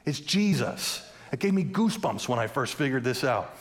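A man's voice: medium pitch, sing-song, normal speed. A man preaching a sermon, asking the congregation questions and mixing in light humor. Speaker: pastor.

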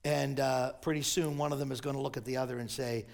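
An older man preaching a sermon as pastor, telling stories and quoting scripture, sometimes rising to shouts. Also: mid-range voice, brisk, gravelly, few pauses.

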